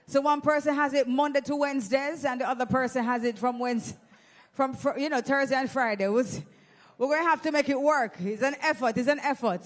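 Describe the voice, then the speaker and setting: Brisk and high-voiced, a Jamaican woman emcees a live event with a handheld mic. She runs prize games and teases the audience in a playful, high-energy way.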